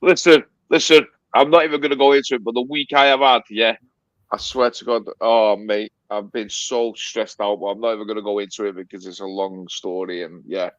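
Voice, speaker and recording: A man's voice: on the low side, little pitch movement, fairly quick, a bit bright, no echo, highs cut off. A man co-hosting a casual live-stream chat, emphatic and repetitive, often saying "mate". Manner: emphatic, repeats himself, says "mate" a lot. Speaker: co-host.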